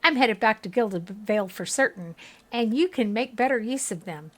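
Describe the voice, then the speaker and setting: A woman's voice: medium pitch, lively intonation, normal speed, fairly bright tone. A woman voicing a polite, nervous male traveler in a fantasy game, with a German accent. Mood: grateful. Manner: polite, nervous, old-fashioned speech.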